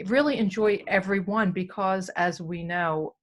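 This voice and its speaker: A woman's voice: mid-range voice, normal speed. A woman hosting a casual parenting video chat, thoughtful and reflective, laughing now and then. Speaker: parenting talk host.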